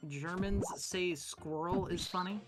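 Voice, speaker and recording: A guest on a gaming stream with a relaxed Pacific American accent, rambling casually and often restarting sentences. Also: mid-range voice, unhurried, over loud music. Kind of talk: casual chat while gaming.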